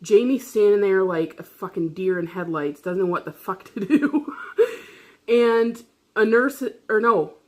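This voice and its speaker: A woman's voice: mid-range voice, measured pace, darkish tone. A woman vlogger telling a personal story in casual chat, rambling, swearing freely and laughing often.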